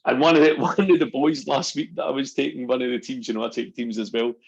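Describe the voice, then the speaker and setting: A middle-aged man, a guest on a casual podcast, talking as an animated storyteller who acts out what people said. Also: medium pitch, fast, gravelly, slightly rough, muffled recording. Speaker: guest, NLP practitioner.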